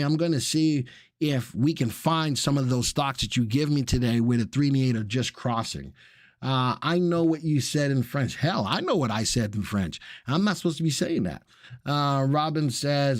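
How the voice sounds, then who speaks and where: A man's voice: mid-range voice, no echo. Middle-aged male host, loose and jokey, chatty live stock talk, dry close sound. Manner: casual, jokey, chatty with viewers. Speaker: stock market show host. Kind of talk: live stock analysis chat.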